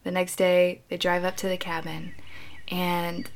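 Animated woman retelling a story. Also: fairly low pitch, unhurried, a little hiss or hum. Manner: animated storytelling, acting out voices. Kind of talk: casual film recap.

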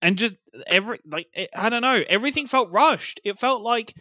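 A man's voice: extremely high pitch, fairly quick, bright, forceful tone, no echo. A man co-hosting a casual podcast, ranting with constant swearing and exasperation. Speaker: podcast co-host. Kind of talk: casual podcast review chat.

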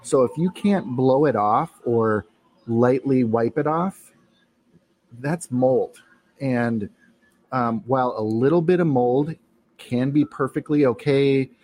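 A man co-hosting a casual talk show, explaining in a relaxed, matter-of-fact way. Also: mid-range voice. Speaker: podcast co-host. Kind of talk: casual chat.

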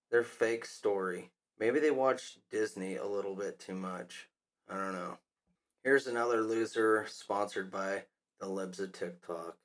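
A man hosting a commentary podcast, talking in a scornful, mocking way. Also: on the low side. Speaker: podcast host.

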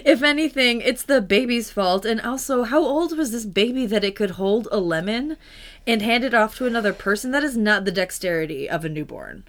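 A woman's voice: on the high side, expressive. Woman co-host retelling fairy tales. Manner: irreverent retelling with quick put-on voices for characters. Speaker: podcast co-host. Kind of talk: casual comedic storytelling.

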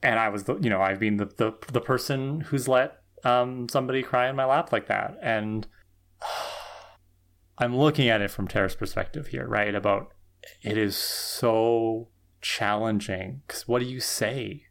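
A man's voice: mid-range voice, a little slow, vocal fry, a bit bright. A man co-hosting a podcast, talking through a TV episode in a thoughtful, tired way, often adding "right?". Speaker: podcast co-host. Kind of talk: casual recap chat.

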